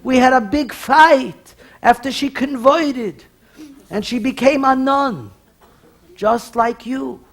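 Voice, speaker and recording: A man's voice: very high voice, takes it slowly, creaky, a bit bright, voice pushed up, exaggerated voice. A man voicing an elderly Jewish hospital patient in a stage joke, plaintive and kvetching.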